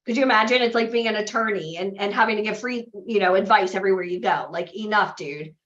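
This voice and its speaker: In an echoey, slightly dull room recording, a woman running an acting and modeling bootcamp gives a motivational seminar talk to a live group. She moves at a quick pace in a medium, somewhat bright voice, telling stories and often tossing in "right?".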